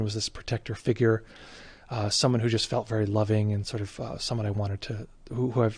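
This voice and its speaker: Husky man searching for his words. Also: lowish voice, a little mellow, no room sound. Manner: halting, searching for words, with many fillers and restarts. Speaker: meditation teacher. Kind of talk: reflective spoken account of a personal experience.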